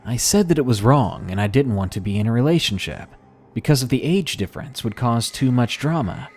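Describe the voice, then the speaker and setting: A man reading submitted horror stories aloud in a measured, somber first-person narration. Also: mid-range voice, expressive, darkish tone, slightly rough, soft background music.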